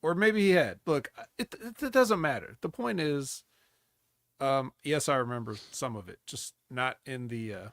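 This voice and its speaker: A man's voice: medium pitch, lively intonation, normal speed, no room sound, studio quality. Laid-back man co-hosting a wrestling chat. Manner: laid-back, wry, recalls old matches. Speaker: podcast co-host. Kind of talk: casual wrestling review chat.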